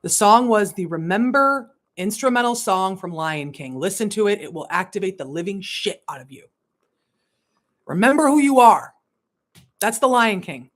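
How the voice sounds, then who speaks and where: A woman spiritual coach giving a candid livestream monologue, laughing and swearing, swinging between hushed asides and emphatic bursts. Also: medium pitch, lively intonation, moderate pace, few pauses.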